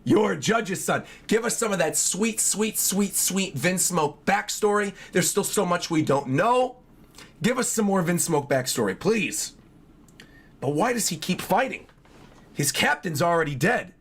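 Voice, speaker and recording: Hoarse, excitable male streamer. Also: high-pitched, measured pace. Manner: excitable, chatty, reads along and talks to chat. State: hoarse from yelling the night before. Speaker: streamer reacting to a manga chapter. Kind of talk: livestream reaction, thinking aloud.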